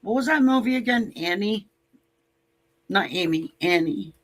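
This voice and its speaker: A woman's voice: mid-range voice, animated, a little slow. A woman giving a casual tarot reading to camera, blunt and joking, with sassy asides and casual swearing. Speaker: tarot reader.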